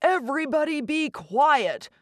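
A woman's voice: sits high, expressive, a little slow, no echo, clean studio sound, voice pushed up. A woman voicing a stubborn grown man who brushes off worries in a brusque way. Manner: brusque, dismissive. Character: adult man, husband, gruff and stubborn.

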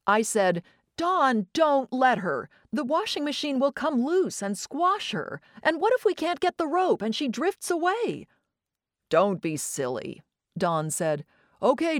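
A woman narrating a comic memoir as an audiobook, wry and expressive, acting out her family's voices. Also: fairly low pitch, no room sound, clean studio sound.

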